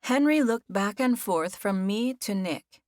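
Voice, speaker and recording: Woman, audiobook narrator, first-person novel, measured, dry studio sound. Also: mid-range voice, animated, dry recording.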